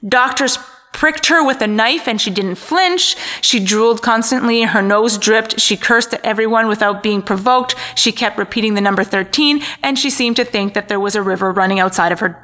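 A woman's voice: mid-range voice, normal speed, bright, forceful tone. A woman co-hosting a podcast, casually recounting a true-crime story with wry asides and stumbles over names. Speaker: podcast co-host.

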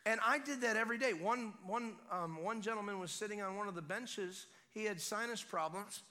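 A man preaching at a revival service, telling a story with swings between hushed quiet and loud excitement. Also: sits high, a little fast. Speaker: guest preacher. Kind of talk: sermon testimony. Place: church service.

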